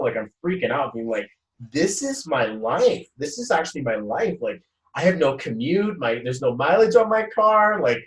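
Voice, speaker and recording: A young man hosting a casual motivational live talk, energetic and rambling, often repeating words as he speaks at home. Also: on the high side. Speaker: host. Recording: roomy echo, voice from a distance.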